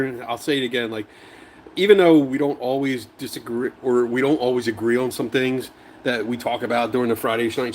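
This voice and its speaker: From his home garage, a Philadelphia man hosts a casual livestream, chatting, laughing often and reading viewer comments aloud. His voice is mid-range, and the recording carries a little hiss or hum.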